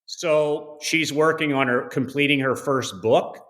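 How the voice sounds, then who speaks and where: Blunt, emphatic man with a bright voice. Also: a little high, a little slow. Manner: blunt, emphatic, swears freely. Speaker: guest. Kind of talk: motivational storytelling.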